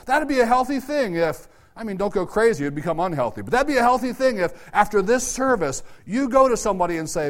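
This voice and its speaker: A man's voice: expressive, a little fast, few pauses. Emphatic male pastor preaching. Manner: emphatic, swings from loud urging to low quiet asides. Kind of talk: sermon. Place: church service.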